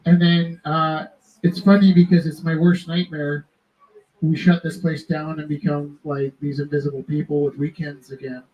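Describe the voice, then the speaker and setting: High-voiced man telling rambling stories. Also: normal speed, lo-fi sound. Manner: rambling, self-interrupting, animated. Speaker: live art auction host. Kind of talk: casual storytelling to a live audience.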